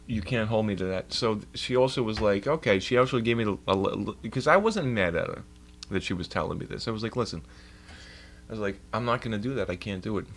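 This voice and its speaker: Young male streamer, profane storyteller, slightly low voice, loose casual delivery. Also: lively intonation, fast. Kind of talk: casual chat.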